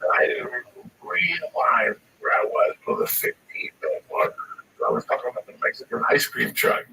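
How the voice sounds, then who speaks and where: This stand-up comedian has a high, gravelly voice with huge pitch swings and a fairly quick pace. His rambling story is full of profanity, captured on a far-off mic with faint noise behind him.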